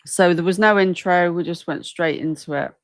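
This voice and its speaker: A woman's voice: lowish voice, normal speed, no echo. Chatty woman hosting a livestream. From United Kingdom. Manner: chatty, reacts aloud to viewer comments. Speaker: livestream host. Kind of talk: casual livestream chat.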